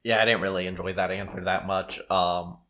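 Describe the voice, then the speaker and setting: A man's voice: deep voice, fairly even intonation, a little fast, bright, forceful tone. A man co-hosting a podcast in casual chat, wry and blunt, laughing along. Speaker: podcast co-host.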